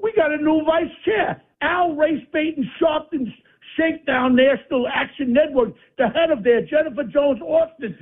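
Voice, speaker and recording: A man's voice: extremely high pitch, moderate pace. A man ranting angrily and hurling insults as a caller on a talk radio show. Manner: combative, insulting, blustering. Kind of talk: angry political rant. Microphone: phone. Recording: tinny phone line.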